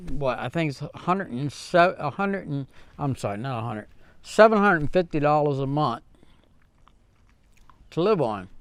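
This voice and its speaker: A man hosting his own vlog, talking earnestly and heartfelt to viewers in a halting way, with many fillers and restarts. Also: medium pitch, smooth, dry recording. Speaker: channel host. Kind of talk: casual vlog talk to viewers.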